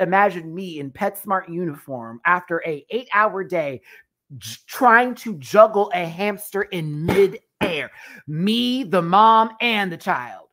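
A woman in her thirties hosting a live stream, telling stories in a loud, animated, profane way and laughing often. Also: mid-range voice, slow. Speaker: show host reviewing a TV competition. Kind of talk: casual live stream chat.

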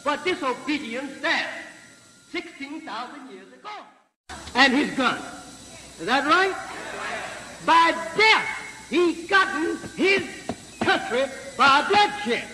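A man preaching to a live audience in a slow, emphatic way, often asking the crowd whether he is right and pausing on fillers. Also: extremely high pitch, animated, pushed and bright. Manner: slow, emphatic, repeated rhetorical questions to the crowd; halting with frequent fillers and restarts. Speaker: religious leader addressing a crowd. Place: large hall with an audience. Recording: echoey hall, noisy 1950s archive recording.

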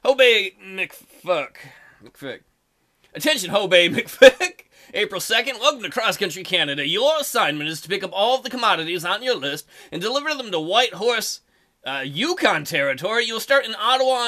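A man with a high, bright, forceful voice hosts a casual let's play video, making crude jokes and reading the game's text aloud as keyboard typing sounds behind him.

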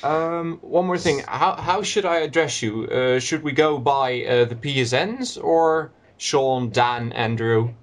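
A man's voice: mid-range voice, slow, hardly any pauses, slight background noise. Hesitant man moderating a podcast call. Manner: hesitant, many fillers and restarts. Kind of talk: casual group call chat.

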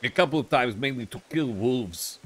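Male roleplayer, lively and bright, excitable in-character chatter. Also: medium pitch, normal speed. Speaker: roleplayer playing a European nobleman.

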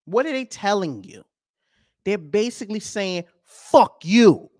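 Podcast guy ranting hard, swears a lot, kinda high voice, dry close sound. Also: sing-song, normal speed, no echo. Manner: profane, rhetorical questions, swings loud and soft. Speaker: podcast host. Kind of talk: ranting commentary over clips.

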